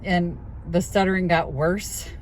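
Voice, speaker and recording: A middle-aged woman vlogging in casual chat while she drives, talking in a chatty, rambling way with quick asides. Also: fairly low pitch, fairly even intonation. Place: in a car while driving. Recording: road noise from a moving car. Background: car engine and road noise.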